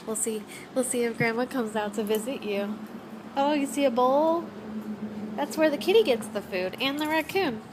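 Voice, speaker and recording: A woman's voice: high voice, normal speed. Chatty young woman vlogging from a car. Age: young adult. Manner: chatty, baby-talks to her dog. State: stuffy nose. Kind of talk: casual vlog chat. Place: in a car while driving. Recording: car noise in the background.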